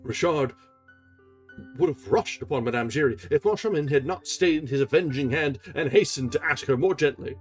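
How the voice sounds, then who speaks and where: A man's voice: on the high side, animated, moderate pace, faint music behind. A man streaming a live reading of a classic novel, narrating expressively with small restarts. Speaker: reader and streamer.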